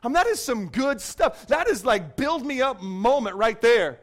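A man preaching a sermon as pastor, swinging between loud declarations and hushed, quiet asides. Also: extremely high pitch, very animated, normal speed, few pauses.

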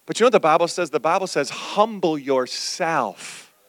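A male pastor preaching a sermon, telling a personal story with animated, acted-out quotes. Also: on the high side, racing, no echo.

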